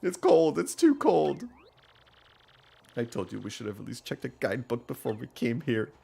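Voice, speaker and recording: A man voicing a trio of complaining sisters stranded in a snowy game town, raising his voice higher. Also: very animated, moderate pace, creaky, warm tone, husky, exaggerated voice. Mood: whiny. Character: three chilly travelling sisters, whiny.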